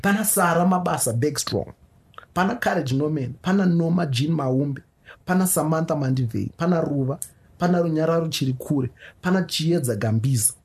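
Zimbabwean male co-host, higher-pitched, casual and jokey. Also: fairly quick. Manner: animated, laughing, reads out shout-outs. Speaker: podcast co-host. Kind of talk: casual chat.

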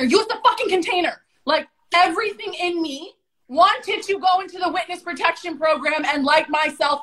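A woman's voice: sits high, a bit bright, rough recording. A woman guest telling a story full of swearing, acting out what people said in shifting voices. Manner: swears constantly, acts out quotes in shifting voices. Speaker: podcast guest. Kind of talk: profane storytelling.

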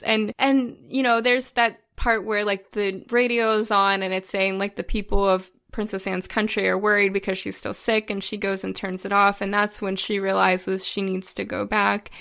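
A woman's voice: medium pitch, level tone, moderate pace, vocal fry, few pauses, a bit bright. A woman co-hosting a podcast, chatting about a film with gushing emotion, tearful at times and full of restarts and fillers. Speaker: podcast co-host. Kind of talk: casual film discussion.

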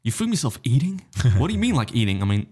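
A man's voice: mid-range voice, quick pace, breathy edge. A man telling a story in casual podcast chat, acting out other people's lines, swearing and laughing often. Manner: animated anecdote-telling, acts out other voices, swears freely, laughs often. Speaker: podcast guest, competitive eater.

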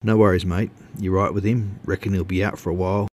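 A man's voice: deep voice, flat delivery, darkish tone. A man voicing an offhand neighbor. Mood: easygoing. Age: 70s. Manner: quick, offhand. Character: scrawny old neighbor, laconic and easygoing.

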